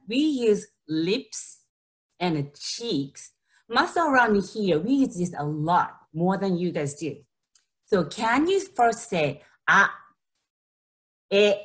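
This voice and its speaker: Slow-speaking woman with a Japanese accent. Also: on the low side. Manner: patient, repeats phrases, many ums. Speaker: Japanese language teacher. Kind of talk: slow online language lesson.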